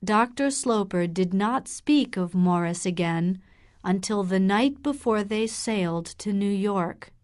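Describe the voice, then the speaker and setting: Very slow, careful female storyteller. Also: mid-range voice, a little mellow. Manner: clear, careful, deliberate. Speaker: audiobook narrator. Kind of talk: slow graded-reader narration for learners.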